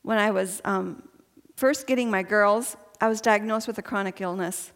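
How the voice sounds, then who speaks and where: A woman's voice: mid-range voice, moderate pace. A woman giving a personal faith testimony to a women's gathering, chatty and earnest and laughing often. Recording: long hall reverb.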